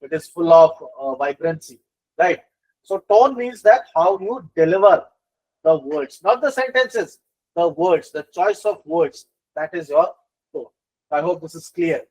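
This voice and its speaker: A middle-aged man teaching business communication in a live online lecture, animated, with many fillers and repeated phrases. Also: a little high, measured pace, poor audio.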